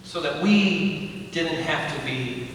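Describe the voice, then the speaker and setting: A man's voice: on the high side, slow pace, a bit bright, a little hiss or hum. A young man preaching a sermon as pastor, telling stories with playful asides to the congregation. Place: church sanctuary. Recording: echoey church from far off.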